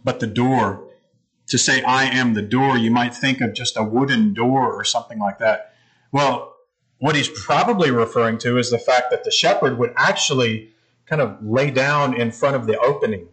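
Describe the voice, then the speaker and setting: A man's voice: medium pitch, normal speed, a bit bright, poor audio. A man preaching a sermon, explaining scripture in a conversational, teaching manner. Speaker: pastor.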